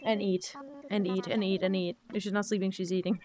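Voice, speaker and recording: A woman's voice: medium pitch, flat delivery, fairly quick, dark tone. A woman streaming a game, chatting casually and emotionally with viewers while she plays.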